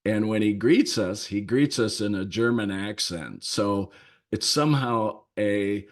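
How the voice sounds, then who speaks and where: A man with a fairly low voice hosts a short leadership podcast and tells a story from his work. He speaks very slowly and lets his pauses sit. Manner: unhurried, thoughtful, lingers on pauses. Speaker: leadership coach and podcast host.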